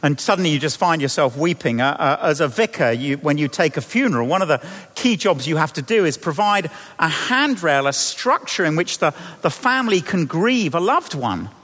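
High lively voiced vicar preaching, acting out the story bits, long echo of a church hall. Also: male voice, normal speed. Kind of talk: sermon.

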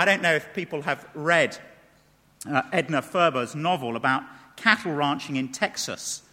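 A man's voice: on the high side, sharp tone. A man preaching a sermon, emphatic, asking rhetorical questions and reading passages aloud. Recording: long reverb of a large hall.

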